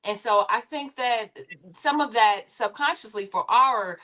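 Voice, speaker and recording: A woman's voice: fairly high pitch, unhurried, sharp tone. A woman on a discussion panel, a former reality TV producer, talking in a rambling, conversational way. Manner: rambling and conversational, with many fillers and restarts.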